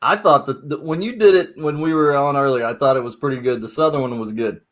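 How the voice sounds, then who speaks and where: A man's voice: mid-range voice, quick pace. A man in a casual live chat, easygoing in manner. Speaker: panel member.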